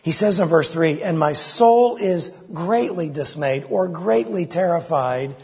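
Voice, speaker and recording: A man's voice: fairly high pitch, lively intonation, a little slow, gravelly, a little mellow, slightly rough. A man preaching an expository sermon with an impassioned delivery, voicing the psalmist's pleas. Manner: impassioned, voices the psalmist's pleas with rising intensity. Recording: lo-fi recording with long hall reverb.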